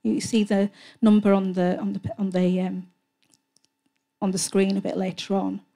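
A woman presenting a Christian TV programme, speaking in a gentle, earnest devotional way between hymns, soft-spoken and sometimes hesitant as she searches for words. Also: medium pitch, flat delivery, normal speed, vocal fry. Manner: soft-spoken, earnest, often trailing into a hush.

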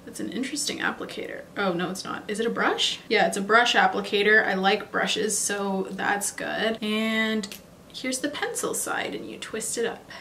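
A woman's voice: medium pitch, unhurried, creaky, bright, forceful tone, a little hiss or hum. A woman beauty vlogger chatting casually and thinking aloud as she tries out new makeup on camera. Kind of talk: casual makeup tutorial chat.

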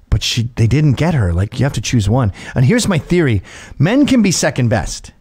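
Animated profane middle-aged man. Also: normal speed, breathy edge. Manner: animated, profane, mimics women in high squeals. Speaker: show host. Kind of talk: casual comedic storytelling.

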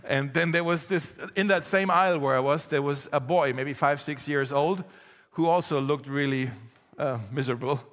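A man's voice: a little high, normal speed, fairly bright tone, in a large hall. A man preaching a sermon as pastor, telling stories conversationally and building to emphatic appeals. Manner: storytelling, conversational with laughs, rising to emphatic exhortation. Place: church hall.

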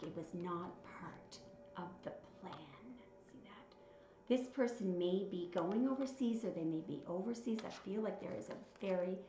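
Woman tarot reader in a roomy space. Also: medium pitch. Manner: muses aloud, reads card messages with feeling. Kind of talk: tarot reading, counting out cards. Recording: slightly dull, roomy sound with soft music. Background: soft background music.

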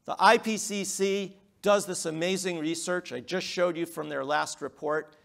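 A middle-aged man giving a public lecture, emphatic, with rhetorical questions and swings between loud and quiet. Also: sits high, steady tone, moderate pace, vocal fry. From United States.

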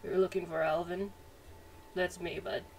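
A woman plays a gruff mechanic who is too busy for anyone and snaps impatiently. It is a game character read a little far from the mic, with faint noise behind. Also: on the low side, little pitch movement, normal speed, darkish tone, close to an everyday voice. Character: grumpy busy male crane-operator mechanic.

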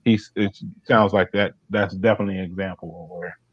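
A man chatting as a guest, talking in a deliberate, philosophizing way with chuckles. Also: sits low, fairly even intonation, slightly rough, no room sound. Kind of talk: casual opinion chat. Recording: dry, muffled lo-fi line.

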